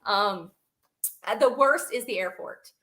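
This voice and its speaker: A woman's voice: medium pitch, measured pace, bright, forceful tone, a little hiss or hum. A young woman on a podcast, telling stories animatedly and laughing often between sentences. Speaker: podcast guest, reptile breeder. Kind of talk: casual storytelling chat.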